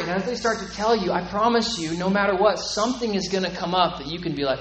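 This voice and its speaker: A man's voice: high-pitched, fast talker, hardly any pauses, a bit bright, slight background noise, rough recording. A man preaching a sermon to his congregation in a conversational way, often asking them if they agree. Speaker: pastor.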